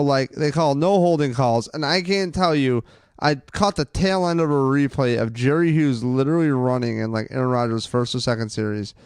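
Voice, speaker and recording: Young male podcast co-host, smooth, slightly high voice, dry close sound, heated profane rants. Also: no room sound. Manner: excitable, profane ranting. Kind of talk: casual sports chat.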